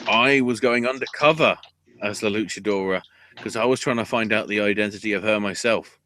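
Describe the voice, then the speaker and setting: A man's voice: lowish voice, a little fast, pushed and bright, slight background noise. A man hosting a podcast, giving a rambling, sarcastic play-by-play recap with casual swearing. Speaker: podcast host.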